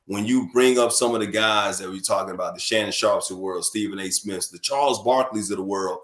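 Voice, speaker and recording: A man's voice: on the low side, brisk. Emphatic man in an echoey room. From born in New York, raised in Alabama. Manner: animated, emphatic, repeats words when fired up. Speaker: guest sportscaster. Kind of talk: casual sports radio chat.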